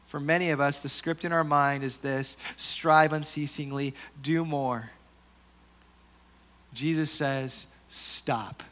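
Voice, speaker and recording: A man delivers a sermon with a slightly higher pitch than most men. He speaks earnestly and conversationally, restarting phrases and sinking into quieter asides before lifting again. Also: fairly even intonation, a little slow, hardly any pauses. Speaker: pastor.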